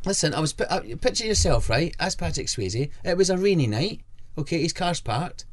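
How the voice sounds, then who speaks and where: A man's voice: on the high side, normal speed, noisy background. Radio guy messing about in the studio, bouncy voice going up and down. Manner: joking, animated storytelling. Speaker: radio co-host. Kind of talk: casual studio banter.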